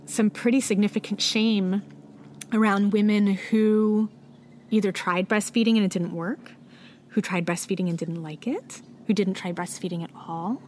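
Woman guest, lactation consultant, calm explaining, lots of yeps, slight noise. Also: mid-range voice, moderate pace. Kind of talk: conversational interview.

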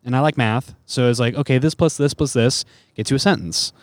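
A man's voice: medium pitch, fairly quick, no echo. A man who is a comedian guest on a podcast, talking casually with lots of fillers and restarts. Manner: rambling, many fillers.

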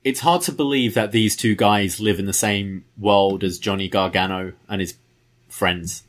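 A man's voice: fairly low pitch, fairly even intonation, measured pace. A man co-hosting a podcast, sharing thoughtful opinions on wrestling in casual chat with frequent fillers. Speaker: podcast co-host.

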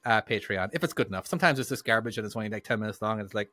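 A man's voice: lowish voice, very fast, pushed and bright, no echo, clean studio sound. A man hosting a podcast in loose, sweary, casual chat. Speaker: podcast host.

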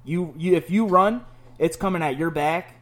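Profane, animated New storyteller man. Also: fairly high pitch, moderate pace. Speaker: podcast host. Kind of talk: casual chat.

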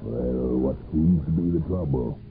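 A man's voice: extremely low pitch, unhurried, faint music behind. A man voicing a businesslike doctor. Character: calm, matter-of-fact male doctor on a video phone. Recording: lo-fi narrow-band 1970s radio recording.

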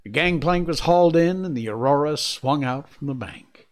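A man narrating a classic adventure novel in a deliberate storytelling manner. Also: a little high, expressive. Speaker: audiobook narrator.

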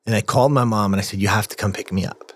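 A man's voice: lowish voice, racing, husky. Earnest man telling a story. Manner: earnest, animated storyteller with frequent restarts. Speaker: podcast guest. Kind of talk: casual storytelling interview.

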